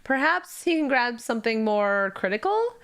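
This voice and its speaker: Podcast co-host, woman, raised pitch, casual animated story recap. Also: moderate pace, clear, resonant tone. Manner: animated narration with laughter.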